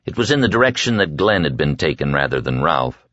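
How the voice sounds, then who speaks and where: A man reading an audiobook in measured scripted narration, quietly voicing the dialogue as he goes. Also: very deep voice, big pitch swings, dry recording, dull audio.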